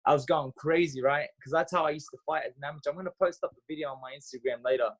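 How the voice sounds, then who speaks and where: An Australian former boxer, guesting on a podcast, tells stories at a rapid-fire clip in a slightly high voice. He's lively and casual, acting out dialogue, and his speech is full of fillers and restarts.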